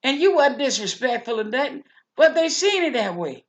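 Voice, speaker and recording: A woman's voice: high voice, big pitch swings, moderate pace. A woman voicing a chatty older church lady who rambles, repeats herself and preaches about living right. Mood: folksy preaching. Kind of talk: character monologue.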